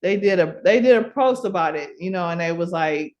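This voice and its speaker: A woman's voice: on the low side, lively intonation, fairly quick, a little mellow, dull audio. A middle-aged woman from Milwaukee, a podcast guest, telling her story in casual chat. She talks with lots of fillers and restarts and laughs often.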